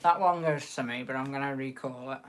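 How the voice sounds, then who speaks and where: A man's voice: medium pitch, fairly quick, a little hiss or hum. A man with a Liverpool accent hosting a live stream, chatting and bantering casually with viewers in the chat. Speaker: livestream host.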